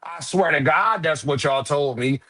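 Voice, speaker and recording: Male live-stream host, loose profane banter, voice sits a bit high. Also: a little slow. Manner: loose, profane, teasing, shouting out viewers. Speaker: livestream host. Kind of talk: casual live-stream boxing talk.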